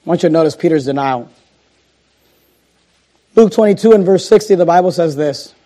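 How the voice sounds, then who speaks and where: Dramatic male pastor, somewhat high voice. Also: lively intonation. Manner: dramatic swings between loud emphasis and hushed, slow delivery. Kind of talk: sermon with scripture reading.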